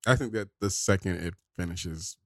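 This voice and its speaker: A man co-hosting a casual anime podcast, animated and quick to chime in and agree. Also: deep voice, no echo, clean studio sound. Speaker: podcast co-host.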